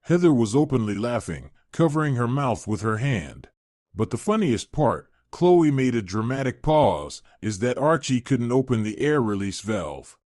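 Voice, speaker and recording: A man reading a scripted story in a steady narrating manner. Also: mid-range voice, moderate pace, no echo, clean studio sound.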